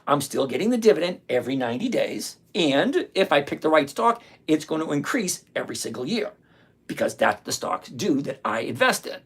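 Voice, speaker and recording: Blunt, gravelly older livestream trading host. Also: mid-range voice, big pitch swings, a little fast. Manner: blunt, sarcastic, repeats himself for emphasis. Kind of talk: live-stream chat reading viewer comments.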